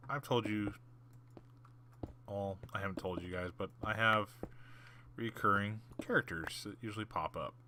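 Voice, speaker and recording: Over gameplay, a man who hosts a gaming channel tells a long story casually, his voice fairly low with background noise behind it. He rambles with lots of fillers and restarts, muttering the occasional whispered aside.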